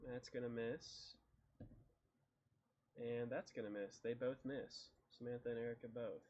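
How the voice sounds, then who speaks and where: A man running a tabletop game as dungeon master, relaxed and halting, with many fillers and restarts. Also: mid-range voice. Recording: dull lo-fi mic.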